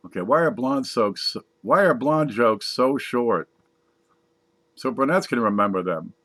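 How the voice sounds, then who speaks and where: A man casually reading jokes aloud from a page, putting on higher voices for the punchlines. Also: animated, a little slow, fairly bright tone. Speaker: joke reader.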